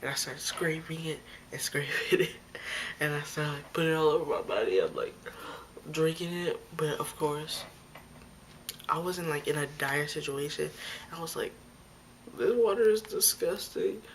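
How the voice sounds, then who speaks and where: A young woman tells a childhood story to her camera in a chatty, scattered way, dropping "like" constantly and acting out what she said back then. Her voice sits low for a woman. There is a faint hiss of room noise behind her. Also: normal speed. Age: young adult. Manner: chatty, fillers like "like", acts out her own lines. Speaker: vlogger. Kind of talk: storytime vlog. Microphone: phone or camera close by.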